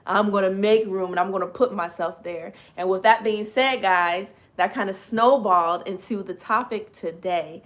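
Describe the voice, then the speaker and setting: Woman doing a casual livestream, voice a lil raspy, chatty, shouts out viewers by name, lilt. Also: mid-range voice, moderate pace, hardly any pauses. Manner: chatty, greets viewers by name, laughs often. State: slightly raspy, strained voice. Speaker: livestream host.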